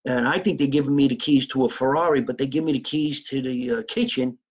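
A man's voice: medium pitch, fast talker, husky, low-quality recording. A man hosting a comedy podcast, telling a rambling, profane, improvised comic story.

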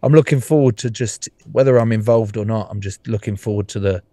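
A man's voice: lowish voice, brisk, dark tone, no room sound. An English man on a video call from a car, chatting casually with sweary, teasing banter. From England. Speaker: guest. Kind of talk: casual chat.

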